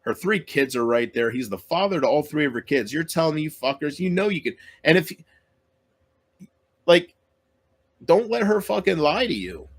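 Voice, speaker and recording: A man's voice: fairly high pitch, lively intonation, moderate pace. A man vlogging to his viewers in an upset, pleading rant, swearing and repeating himself, close to tears.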